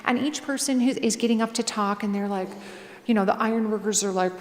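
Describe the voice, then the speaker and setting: A woman author telling a story to a live audience in a casual, animated way, full of fillers. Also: on the high side, fairly quick. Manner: chatty and animated, with many fillers. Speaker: author and guest speaker. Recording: echoey hall, faint ambience.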